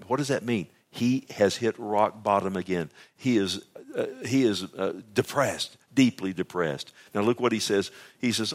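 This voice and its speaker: A man preaching a sermon, reading scripture aloud and explaining it in a conversational way, moving between loud urgent pleading and low hushed passages. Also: animated, unhurried. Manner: reads scripture aloud and then paraphrases it.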